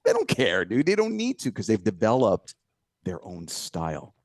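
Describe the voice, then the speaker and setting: A lively, slangy man talks shop as a podcast guest, his low voice rising and falling freely as he calls everyone dude. The sound is close and dry, with no room around it. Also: moderate pace, gravelly, no echo. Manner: animated, slangy, peppered with dude and bro. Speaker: guest singer. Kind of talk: casual podcast chat.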